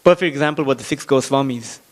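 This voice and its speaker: A man giving a sermon-style scripture class in a temple, telling a story with lively acted-out quotes and frequent fillers. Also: mid-range voice, fast. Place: temple hall.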